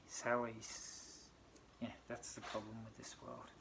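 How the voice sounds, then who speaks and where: A man's voice: fairly low pitch, monotone, slow pace, very noisy. A middle-aged man with an Australian accent, ranting indignantly in a personal vlog and firing off rhetorical questions. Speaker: vlogger. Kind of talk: aggrieved personal rant.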